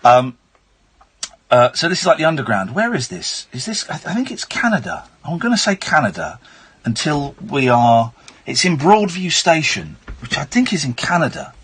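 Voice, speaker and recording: Brief: male late-night radio host, husky, animated pitch, wry asides. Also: normal speed. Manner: chatty, wry, reading news aloud with asides. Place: radio studio.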